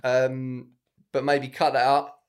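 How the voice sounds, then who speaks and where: A man hosts a comedy podcast in a loose, chatty way. He talks with strong opinions at a medium pitch. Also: completely flat delivery, takes it slowly, smooth. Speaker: podcast host. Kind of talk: casual comedy chat.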